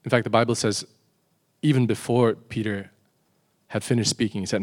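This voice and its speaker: A man preaching a sermon in a confessional way, asking the congregation rhetorical questions and slowing down and dropping his voice on solemn points. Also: lowish voice, fairly even intonation.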